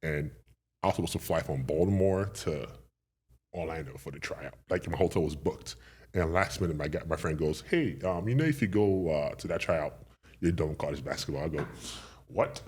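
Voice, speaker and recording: A man from Nigeria, a podcast guest telling stories in a lively, animated way and acting out what people said. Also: very deep voice, a little fast, slightly rough. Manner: lively, animated storyteller acting out quoted voices. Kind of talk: casual interview storytelling.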